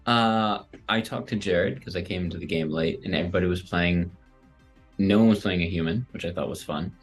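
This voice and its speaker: A man's voice: sits low, a little fast, slightly rough, faint music behind. A man co-hosting a tabletop game show, talking in a laid-back, reflective way over a video call. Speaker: podcast co-host. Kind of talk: casual chat.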